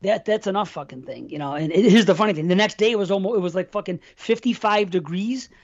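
A man's voice: high-pitched, quick pace. A middle-aged man from New York State holds the floor on a casual podcast and tells a long, rambling story. He swears freely and keeps looping back and restarting his thoughts. The recording sounds dull and lo-fi. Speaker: podcast co-host. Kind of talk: casual chat.

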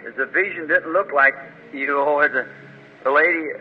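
A man's voice: fairly high pitch, normal speed, a little hiss or hum. A man preaching at a faith healing service, praying fervently and commanding with force. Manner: fervent, commanding when rebuking. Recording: muffled old recording in a reverberant hall.

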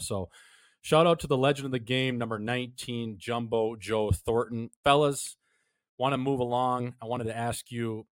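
A man's voice: mid-range voice, fairly even intonation, normal speed, no echo. A man hosting a hockey podcast, joking and swearing in casual chat. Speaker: podcast host.

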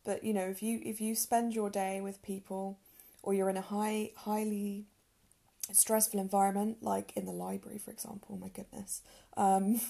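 Young woman, podcast host, casual and candid, with a husky voice. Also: medium pitch, warm tone. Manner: earnest, chatty, self-deprecating with frequent ums and laughs. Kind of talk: casual solo podcast talk.

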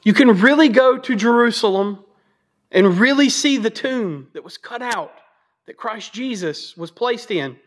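Male preacher, high voice, casual jokey delivery, repeats key points for emphasis. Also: animated, measured pace. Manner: conversational and joking; emphatic repetition. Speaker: Bible teacher. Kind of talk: Bible teaching sermon.

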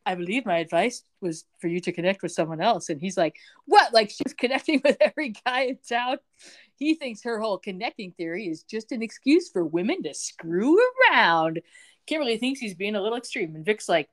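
A woman's voice: on the high side, normal speed. A young woman co-hosting a podcast, retelling a TV episode in casual chat and acting out the characters' lines as she goes. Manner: animated, jokey, acts out the characters' lines while retelling. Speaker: podcast co-host recapping a TV episode.

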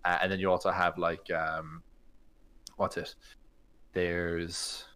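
A man's voice: sits low, little pitch movement, slow, bright, forceful tone. A man co-hosting a tabletop gaming podcast, chatting casually and rambling with many fillers. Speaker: podcast co-host. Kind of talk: casual chat.

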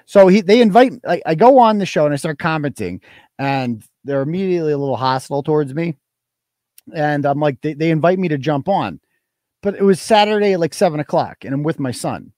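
A man's voice: fairly high pitch, expressive, a little fast, a little mellow, no echo. Profane, mocking male live-stream host. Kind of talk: live-stream rant while reading donations.

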